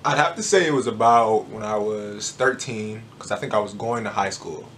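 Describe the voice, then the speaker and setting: A man telling a personal story to camera in a casual, animated, joking way. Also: lowish voice, normal speed, slight background noise. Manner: animated, joking, acts out moments. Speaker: vlogger.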